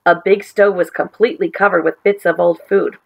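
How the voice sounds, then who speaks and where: A woman teacher reading a chapter book aloud to children in a gentle, expressive way. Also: fairly low pitch, fairly quick, vocal fry, low-quality recording.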